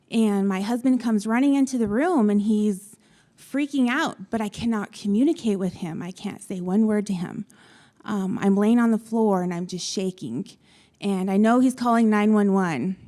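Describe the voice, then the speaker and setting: A young adult woman from Utah, a patient on a panel, telling her story to an audience with frequent pauses and ums. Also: medium pitch, a little mellow. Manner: halting, many ums, retells dialogue. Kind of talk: personal story told to an audience.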